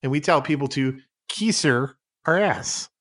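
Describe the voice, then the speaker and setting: A man co-hosting a comedy podcast, rambling through made-up facts in deadpan improvised banter. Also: medium pitch, unhurried. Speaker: podcast co-host.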